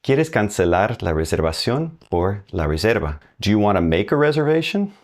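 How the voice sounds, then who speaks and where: A man with a very low voice teaches a recorded language lesson. He talks in an upbeat, conversational way, quizzes the listener and stretches out example phrases slowly so they can repeat them. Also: big pitch swings. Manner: asks the learner questions and pauses for answers. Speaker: Spanish teacher.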